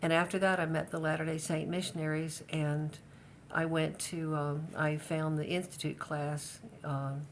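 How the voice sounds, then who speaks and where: An older woman with a fairly low voice recalls her past in a relaxed family interview. She speaks hesitantly and often restarts her sentences. A faint rumble hums under the recording. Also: normal speed. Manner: hesitant, many restarts and fillers.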